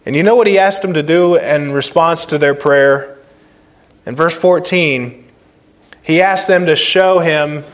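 A male pastor delivers a sermon in a somewhat high voice. He preaches with emphasis, repeating phrases and swinging from loud stressed words to quiet, slow points.

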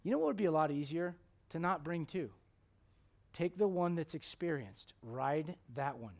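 A man preaching a sermon, telling stories and acting out the quotes, sometimes dropping to a hushed tone. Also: on the high side, normal speed, gravelly. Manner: animated storytelling, acts out quotes, drops to hushed tones.

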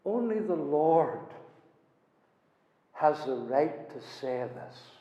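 A man preaching a sermon with passion, swinging between soaring lines and hushed ones. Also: on the high side, lively intonation, slow pace. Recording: echoey hall, dull lo-fi sound.

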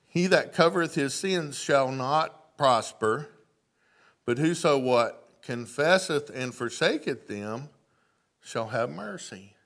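A man's voice: medium pitch, fairly bright tone. A male pastor, preaching a sermon in church, reading scripture aloud and asking the congregation questions. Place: church sanctuary.

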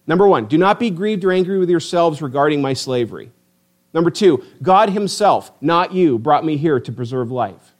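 A pastor preaches in a slightly high voice at a moderate pace, animated and emphatic. He keeps throwing rhetorical questions at his listeners.

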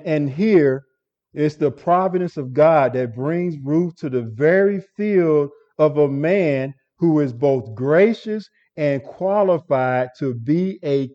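Pastor, male, slow deliberate earnest sermon delivery, dull lo-fi recording. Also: on the high side, dark tone. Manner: earnest, repeats words and restarts often. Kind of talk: expository sermon.

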